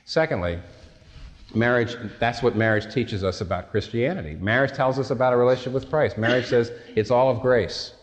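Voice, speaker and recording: A man's voice: mid-range voice, a little fast. Guy giving a sermon, chatty storytelling, pokes fun at himself, big echoey hall. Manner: storytelling, self-deprecating, conversational asides. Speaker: pastor. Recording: long hall reverb.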